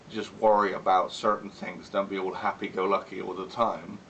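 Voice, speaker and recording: Lowish, rambling man, sweary and candid. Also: fairly bright tone, far from the mic, muffled recording, a little hiss or hum. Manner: rambling and candid, swears often, laughs between remarks. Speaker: vlogger. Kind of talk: casual vlog chat.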